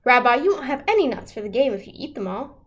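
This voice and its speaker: A woman's voice: fairly high pitch, sing-song, quick pace, fairly bright tone. A woman voicing a kind, chatty old grandmother in a picture book read-aloud. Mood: warm, chatty.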